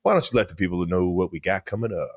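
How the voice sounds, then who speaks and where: A man's voice: low-pitched, fast talker, no echo. A man from Ohio co-hosting a podcast, playful and often laughing. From Cleveland Heights, Ohio. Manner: laughing, playful, lively delivery. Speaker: podcast co-host. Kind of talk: casual podcast banter.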